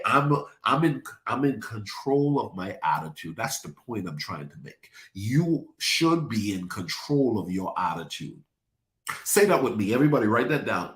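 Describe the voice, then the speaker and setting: A man preaching with a lively, swooping delivery that climbs and drops as he presses his points, speaking. He calls on listeners by name and asks them to repeat after him, and the room around him rings with echo. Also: mid-range voice. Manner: preachy call-and-response, addresses congregation by name. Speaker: pastor. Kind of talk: sermon. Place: church sanctuary.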